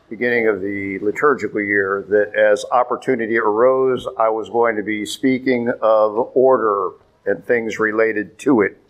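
A priest preaches in a plain, everyday voice. His delivery is conversational, and he suddenly pitches up high to hammer home a point. He sits at a middling pitch for a man. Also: rough recording. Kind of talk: sermon.

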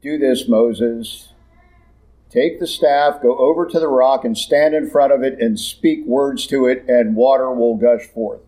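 A man's voice: mid-range voice, a little slow, dark tone, natural voice. A man voicing God as a blunt, exasperated male figure who scolds in curt, matter-of-fact lines. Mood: commanding.

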